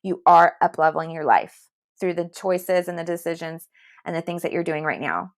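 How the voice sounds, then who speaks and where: Speaking into her home computer mic, this woman does spiritual readings as a tarot reader on a relaxed livestream. Her voice is on the low side and her pace moderate, and she keeps things chatty and reassuring with frequent laughter.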